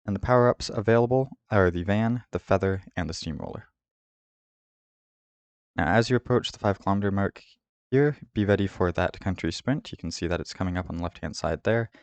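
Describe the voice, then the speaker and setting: A man hosting a route guide, giving a steady, methodical voice-over about a race course. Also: sits low, a little fast, no room sound. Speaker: host of a cycling route guide. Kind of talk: scripted voice-over over game footage.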